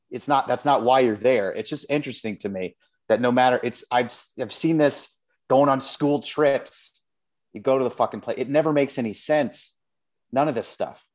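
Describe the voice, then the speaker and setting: A man's voice: medium pitch, normal speed. Man ranting profanely on a podcast. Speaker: podcast co-host. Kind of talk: casual chat.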